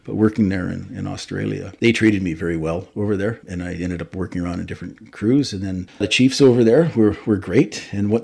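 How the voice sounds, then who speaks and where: A deep, husky, darkish voice with vocal fry belongs to this fire chief from Canada, a man in his fifties. In a casual interview he tells rambling stories, stopping to correct himself as he goes.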